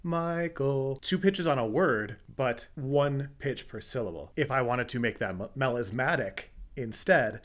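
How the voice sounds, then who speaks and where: Casting: young man, music theory host, casual explainer, mid-pitched voice. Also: a little slow, hardly any pauses, a bit bright. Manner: explains step by step, sings short sung examples.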